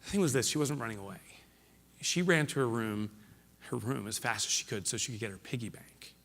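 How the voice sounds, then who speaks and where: A middle-aged man, a keynote speaker, tells a personal story in a motivational speech to a live audience, moving between loud emphasis and hushed, emotional lines. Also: mid-range voice, brisk. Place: large hall before a live audience. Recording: reverberant hall.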